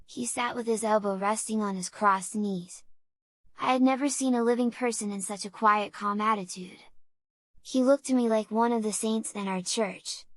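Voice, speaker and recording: A woman reads a classic children's story aloud in a steady, measured voice at a mid pitch. The recording is close and dry, with no room echo. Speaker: audiobook reader. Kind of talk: storybook narration.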